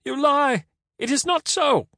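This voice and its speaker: A man's voice: big pitch swings, normal speed, a little mellow, no echo, clean studio sound, full character voice. A man voicing a pathetic, envious, weepy Caesar who pleads and sobs. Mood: shrill wailing. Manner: shrill, pleading and sobbing. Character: whining, envious, weepy male Caesar, a pathetic dream figure.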